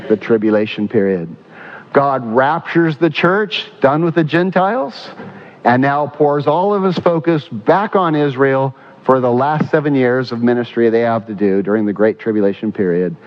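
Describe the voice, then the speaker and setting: A male pastor preaching a sermon. He asks the congregation questions, answers them himself, and slows down to stress key points. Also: mid-range voice, highs cut off. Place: church.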